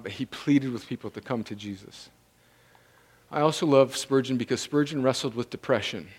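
Speaking in the middle of the vocal range, this man preaches intensely as a pastor. His sermon climbs from ordinary conversational talk to fervent, shouted pleas.

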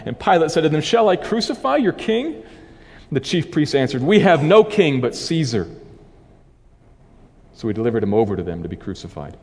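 A man preacher reading a scripture passage aloud and then explaining it as a sermon, in a measured, dramatic voice. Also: fairly high pitch, sing-song, a little mellow, in a large hall.

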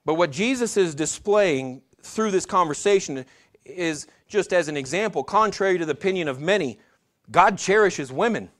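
A man delivering a sermon in an earnest, direct way, speaking to his congregation as brothers and sisters. His voice sits a little higher than most men's. He often doubles back and restarts phrases as he preaches. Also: animated, moderate pace, a bit bright. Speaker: pastor.

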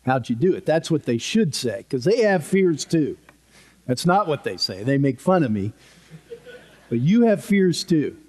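A man's voice: fairly high pitch, big pitch swings, unhurried, darkish tone. Male pastor, conversational sermon, takes his time, light self-deprecating humor, church podium mic. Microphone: podium microphone.

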